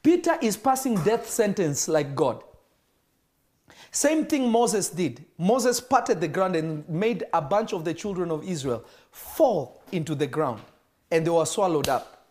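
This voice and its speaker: A man preaching a sermon in an animated way, acting out dialogue between the figures he describes. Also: high-pitched, unhurried. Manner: animated, acts out dialogue in varied voices.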